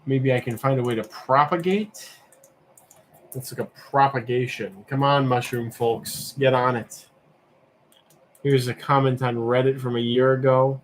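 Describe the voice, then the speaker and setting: At a measured pace, a livestream host speaks in a mid-range, fairly even voice over slight background noise. Casual and rambling, he thinks out loud as he browses, questioning himself and leaning on fillers.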